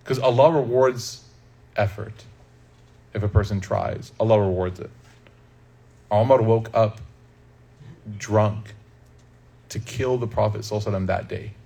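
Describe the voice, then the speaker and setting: Man, husky voice, casual religious talk, humorous, addresses audience directly. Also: on the low side, moderate pace, long pauses, dark tone. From Chicago, USA. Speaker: Islamic speaker.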